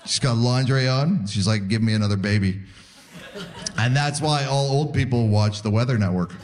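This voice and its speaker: A man's voice: medium pitch, normal speed, very noisy. A man, performing a stand-up comedy routine and acting out the voices in his stories. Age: 40s. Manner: animated storytelling, acts out voices.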